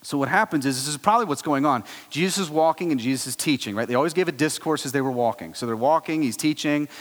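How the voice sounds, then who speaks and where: A man preaching a sermon, telling the story with animated swings between loud exclaiming and hushed low tones. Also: fast. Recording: long hall reverb.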